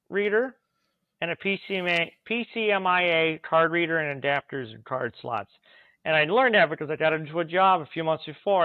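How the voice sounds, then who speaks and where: A man, an automation engineer, telling work stories in a casual interview, animated and laughing now and then. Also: high voice, smooth, no room sound. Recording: tinny phone-like remote call line.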